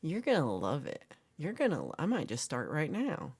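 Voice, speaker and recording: A woman's voice: low voice, huge pitch swings, normal speed, a little mellow, breathy edge. A woman hosting a casual livestream, playfully reading and answering chat comments and teasing her viewers. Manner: jokey and teasing. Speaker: livestream host.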